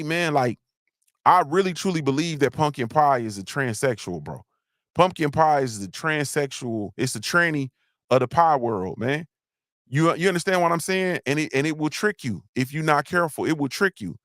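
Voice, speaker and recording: A man's voice: a little high, dry recording, studio quality. Slangy rambling male livestream host. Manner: slangy, rambling, shouts out chat names. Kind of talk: casual livestream chat.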